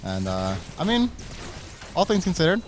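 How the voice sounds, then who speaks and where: A man co-casting a live esports match, giving calm, analytical commentary. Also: sits high, moderate pace, a little hiss or hum. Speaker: esports co-caster.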